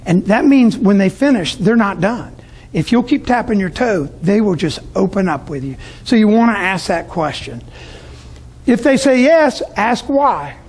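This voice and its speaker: A man's voice: high voice, lively intonation, moderate pace, a little mellow, breathy edge. A middle-aged man from Tampa, Florida, speaking to business owners in a storytelling sales talk and acting out his customers' voices. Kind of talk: sales talk to a live audience.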